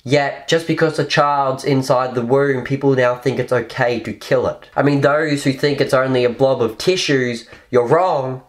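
A man's voice: medium pitch, moderate pace, hardly any pauses. Male podcast host, solo monologue, earnest and preachy, medium voice. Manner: earnest, preachy, repeats phrases for emphasis. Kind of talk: impassioned religious monologue.

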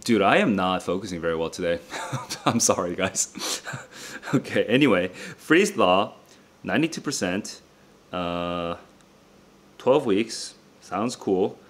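A man's voice: sits low, animated, takes it slowly. A tired young man thinking aloud as he solves test questions, muttering and double-checking himself, with casual asides to viewers from his room. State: tired and distracted. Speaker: SAT tutor.

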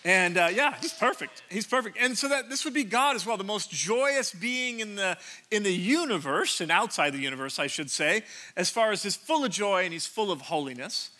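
A man around sixty delivers a relaxed, conversational sermon from a church stage. His voice sits high and rings bright. He teases the congregation and pokes fun at himself, often starting a sentence twice before it lands. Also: moderate pace. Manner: joking, self-deprecating, chatty with restarts. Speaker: pastor.

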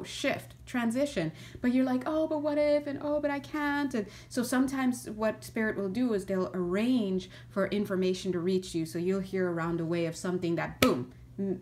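A woman giving a casual spiritual reading, chatty and animated, often laughing and going off on asides. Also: medium pitch. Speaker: astrology and tarot reader.

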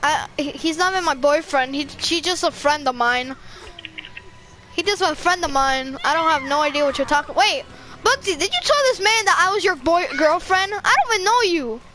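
A woman streaming a game, chatting casually in excitable bursts of protest and laughter. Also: high-pitched, moderate pace. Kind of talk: casual gaming chat.

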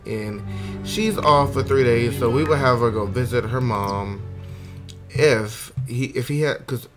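A man hosting a casual let's play, rambling, swearing and talking to his characters, sleepy and yawning. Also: lowish voice. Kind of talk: casual gameplay commentary.

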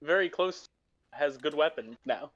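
A man chatting over a voice call while gaming with a friend, teasing her in a dry, deadpan way. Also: a little high, a little slow, highs cut off.

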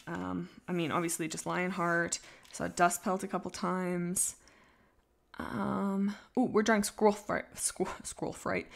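Chatty, gravelly woman drawing on stream. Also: lowish voice. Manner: rambling, self-deprecating, goes quiet while focused. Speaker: artist streaming live. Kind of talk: casual livestream chat while drawing.

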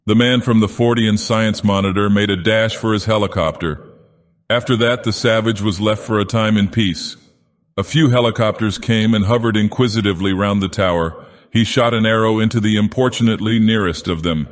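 A man narrating an audiobook in a game villain persona, with a slow, deliberate, dramatic delivery. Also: fairly low pitch.

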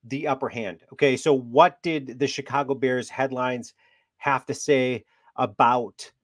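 A man's voice: medium pitch, fairly even intonation, a little slow, dry recording, studio quality. A man hosting a sports talk show, talking casually and mockingly, amused and full of trash talk. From Wisconsin.

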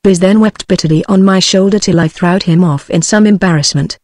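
A text-to-speech woman's voice with a British English accent, narrating an audiobook in an even, machine-read way. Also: fairly low pitch, fairly quick, no echo, studio quality.

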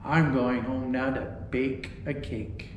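A man's voice: medium pitch, steady tone, slow, echoey room, slight background noise, voice pushed down, lightly acted. A man reading the part of Tim, an earnest young man with a sweet tooth, in a storybook tale. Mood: pleading.

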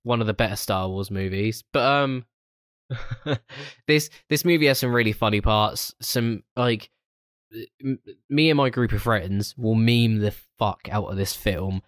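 A man's voice: fairly low pitch, unhurried, no echo, clean studio sound. A man, co-hosting a casual film review podcast, swearing freely and laughing often. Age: 20s. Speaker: podcast co-host.

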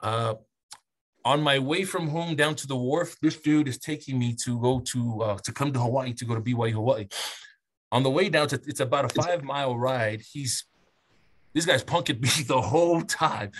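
A man's voice: mid-range voice, normal speed, fairly bright tone. A middle-aged man from Samoa, a guest speaker giving a candid personal testimony in a group session and often stumbling and repeating words.

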